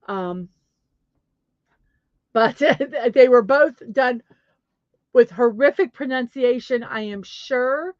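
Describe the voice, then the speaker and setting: On her laid-back daily positivity show, a middle-aged woman with a Southern accent chats alone, laughing at her own stumbles and saying sorry. She talks very slowly with long pauses in a fairly high, animated voice, and the audio is dull with no room sound.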